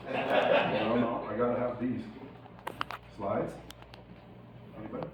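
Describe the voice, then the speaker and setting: A man's voice: mid-range voice, flat delivery, takes it slowly, highs cut off, background noise. A man giving a casual, profane motivational keynote to a live audience, telling stories and laughing often. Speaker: keynote speaker. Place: large indoor event hall. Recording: echoey hall recorded from far off.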